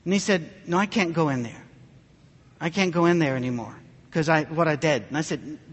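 High-voiced pastor man telling a heartfelt story in a sermon, long church hall reverb. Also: breathy edge. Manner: earnest, conversational storytelling with emotional pauses.

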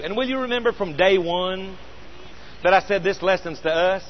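High-voiced earnest male preacher. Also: expressive, highs cut off, a little hiss or hum. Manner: earnest, storytelling, slow emphatic pauses. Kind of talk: sermon.

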